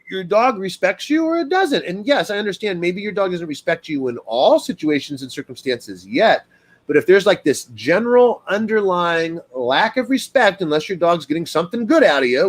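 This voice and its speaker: A man hosting a casual live stream as a dog trainer, talking to viewers in an animated, fired-up way with plenty of fillers. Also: high-pitched.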